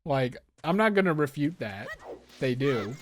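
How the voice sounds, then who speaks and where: A young let's-play gamer from Philadelphia, USA, with a Philadelphia accent, rambles casually about his gameplay, musing aloud with lots of fillers and restarts. His medium-pitched voice swings widely in pitch at a measured pace.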